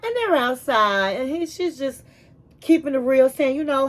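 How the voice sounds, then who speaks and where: A woman hosting a casual reality TV recap, telling the story in a chatty, animated way with asides like "honey". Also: sits high, normal speed.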